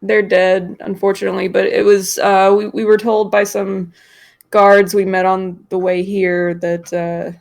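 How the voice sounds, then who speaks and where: A woman's voice: medium pitch, level tone, measured pace, creaky, a little mellow. A woman playing in a tabletop game, chatting casually and explaining her party's actions. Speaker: player.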